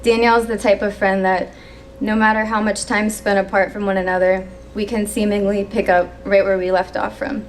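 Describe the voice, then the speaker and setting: A young woman giving a maid of honor toast at a wedding reception, reading from her phone and pausing when she gets emotional. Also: mid-range voice. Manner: emotional, pausing to steady herself.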